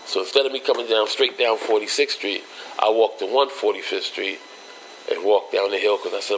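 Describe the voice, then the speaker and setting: A man speaks briskly with fairly even intonation, captured in a low-quality recording carrying some hiss or hum. As an interview guest recounting his life in casual street slang, he voices the people in his story, lifting his pitch when quoting them.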